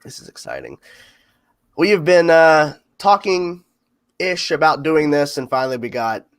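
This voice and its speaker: A man hosting a casual livestream chat, talking in quick asides. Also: fairly high pitch, very animated, clear, resonant tone, dry recording. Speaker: host.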